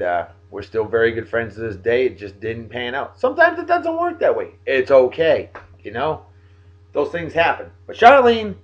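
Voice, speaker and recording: A man hosting a daily video show, reading out shout-outs to viewers in a jovial, folksy way with lively swings in his voice. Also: lo-fi sound. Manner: jovial, folksy, animated, big pitch swings. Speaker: host of a daily beer and song video show. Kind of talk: casual shout-outs monologue.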